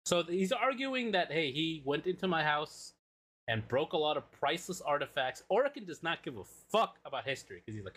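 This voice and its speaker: A man's voice: fairly high pitch, fairly quick, slightly rough. A man co-hosting a podcast, casually retelling a comic story with swearing and acted-out quotes. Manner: animated, swears, acts out quotes. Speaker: podcast co-host.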